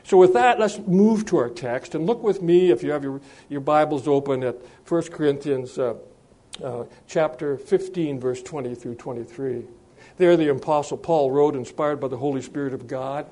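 A man delivering a sermon in a fairly high but mellow voice. He speaks with frequent pauses, fillers and restarts. When he reads scripture he slows down and raises his voice. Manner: measured, with frequent hesitations and restarts. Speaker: preacher.

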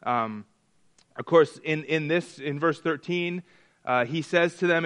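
A man teaching a Bible study, often stumbling and restarting, sometimes acting out quoted voices with rising excitement. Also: a little high. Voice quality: halting, repeats words and restarts often. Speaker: pastor.

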